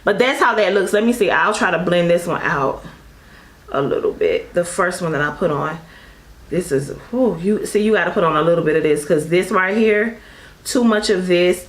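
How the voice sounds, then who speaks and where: Chatty beauty vlogger woman, echoey room. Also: fairly low pitch. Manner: chatty and effusive, calls viewers girl and honey; apologetic, rambling asides. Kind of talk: casual makeup review.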